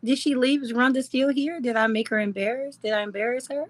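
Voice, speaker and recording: A woman's voice: on the high side, a little fast, hardly any pauses, fairly bright tone, dry recording. A woman hosting a casual live chat, reading comments aloud, teasing her viewers and laughing often. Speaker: livestream host.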